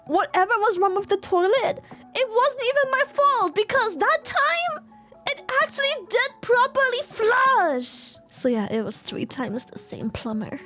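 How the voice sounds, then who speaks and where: A woman's voice: very high voice, big pitch swings, measured pace, over music. A young woman streamer telling a story casually to her chat, swearing freely and often breaking into giggles.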